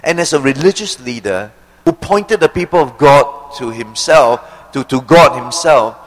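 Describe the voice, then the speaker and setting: A male preacher giving an expository sermon, asking rhetorical questions and slowing down to stress key phrases. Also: medium pitch, lively intonation, long reverb tail, rough recording.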